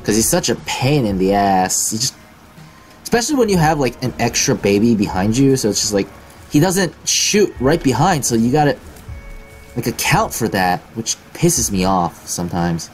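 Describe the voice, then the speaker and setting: A man's voice: on the low side, moderate pace, faint music behind. Profane, self-mocking young male gamer. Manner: profane, self-deprecating, excitable yelps. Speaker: gaming video host. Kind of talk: let's play commentary.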